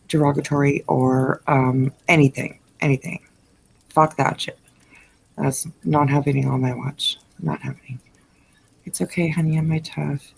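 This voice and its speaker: A woman with a low, gravelly voice hosts a late-night livestream, recorded with poor audio. She chats effusively with her viewers and reads their messages aloud, using plenty of fillers.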